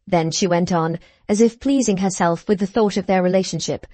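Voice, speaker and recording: A woman narrating a classic novel as an audiobook, in an even, unhurried storytelling manner. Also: fairly low pitch, dry recording. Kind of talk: scripted narration.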